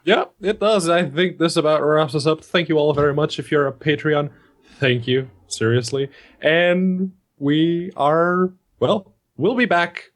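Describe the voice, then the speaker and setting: A young man with a somewhat high voice co-hosts a casual podcast in an easygoing way. He laughs often as he talks. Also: unhurried. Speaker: podcast co-host.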